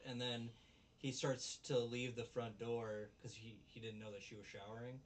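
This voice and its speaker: A man casually recapping an anime episode with animated retelling, recorded on a distant mic with faint background noise. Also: fairly low pitch, moderate pace. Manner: animated retelling, acts out characters' lines. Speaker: anime review host.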